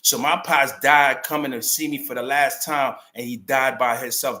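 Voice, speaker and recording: A man's voice: medium pitch, steady tone, moderate pace, sharp tone. A middle-aged man with a New York accent giving an emphatic, unscripted commentary monologue full of street slang. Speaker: channel host.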